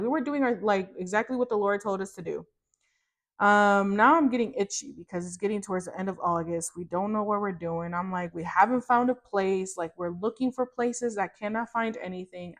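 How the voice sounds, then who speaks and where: A woman in her thirties, a podcast host, telling a personal faith testimony in casual chat, animated and rambling with many fillers and restarts. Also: mid-range voice. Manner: animated, acts out her own reactions in quotes.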